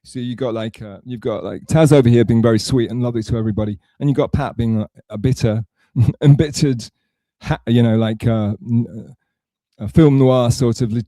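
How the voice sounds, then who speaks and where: A man's voice: medium pitch, warm tone, dry recording. A man from England talking on a livestream, rambling and self-mocking, with a sarcastic, digressive way of telling a story. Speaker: streamer.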